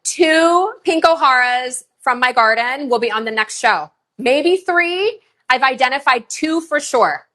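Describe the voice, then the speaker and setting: A middle-aged woman hosts a live online sale with a bright, forward voice that sits a little high. She chats in a bubbly, gushing way and breaks off into quick countdowns between items. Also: lively intonation. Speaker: live shopping host. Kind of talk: live online sales show.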